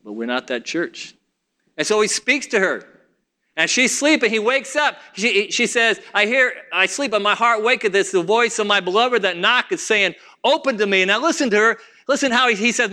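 A man's voice: very high voice, brisk, bright, forceful tone. A man preaching a sermon to his church, with rising emphasis and frequent restarts. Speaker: pastor.

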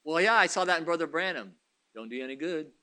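A man preaching a sermon, dropping to hushed murmurs and then rising to excited shouts, repeating phrases for emphasis. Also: a little high, quick pace, smooth.

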